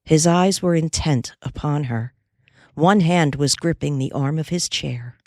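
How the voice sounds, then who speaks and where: A woman narrating a classic novel in a low voice with measured, unhurried storytelling. Her pace is slow and steady. The sound is dry and close, with no room around it. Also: no room sound. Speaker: audiobook narrator. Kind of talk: scripted audiobook narration.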